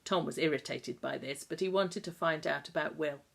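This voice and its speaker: Low-voiced woman reading a novel. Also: gravelly. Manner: measured, calm storytelling. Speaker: audiobook narrator. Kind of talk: scripted narration.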